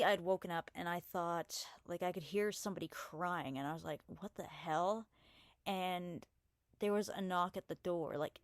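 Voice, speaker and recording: Young woman vlogging from home, kinda low voice, dry close sound, stops and restarts a lot, swears casually. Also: no echo. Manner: halting, hesitant, swears casually, trails off. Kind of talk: casual storytelling vlog.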